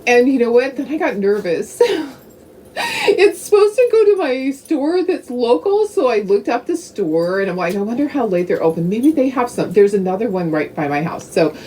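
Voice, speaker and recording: A chatty middle-aged woman hosting a craft livestream, her voice high and bouncing all over as she laughs along. She sits a little back from the mic, and a faint hum of the room runs underneath. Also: sing-song, moderate pace, warm tone, distant mic. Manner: chatty and giggly, coos at her dogs. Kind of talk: casual live-stream chat.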